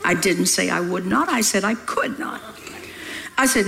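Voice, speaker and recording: A woman's voice: medium pitch, normal speed, gravelly, a bit bright, a little hiss or hum. An older woman preaching, telling a story in a folksy, scolding way with laughing asides. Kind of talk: sermon storytelling.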